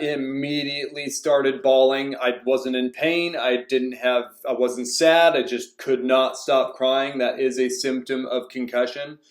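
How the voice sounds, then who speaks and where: A young man talks through his past casually, circling back with plenty of fillers and false starts. His voice sits at an ordinary middle pitch. The room around him rings with noticeable echo. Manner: rambling, many fillers and restarts. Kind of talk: casual storytelling. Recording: echoey room.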